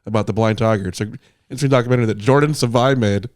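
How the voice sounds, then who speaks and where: A man in a casual podcast chat, reacting quickly and chiming in. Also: medium pitch, dry recording, studio quality.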